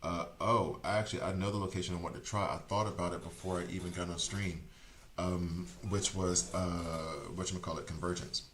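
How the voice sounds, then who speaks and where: A man with a deep, low-pitched voice gives casual gameplay commentary, wandering from thought to thought and backtracking often. The sound is roomy, with a faint hum of background noise. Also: steady tone, brisk, fairly bright tone. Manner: chatty, rambling, self-correcting. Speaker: streamer.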